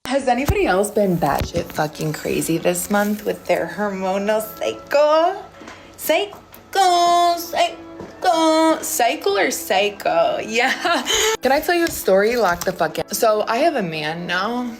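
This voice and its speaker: A woman's voice: mid-range voice, sing-song, a little slow, faint music behind. A woman starting a casual storytime, brash and slangy, swearing freely.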